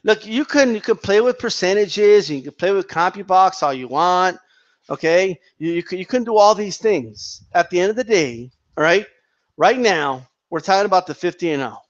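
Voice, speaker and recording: A man's voice: high voice, expressive, moderate pace, highs cut off. A man giving heated, profane boxing commentary, restarting his sentences often as he rants. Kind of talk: ranting commentary vlog.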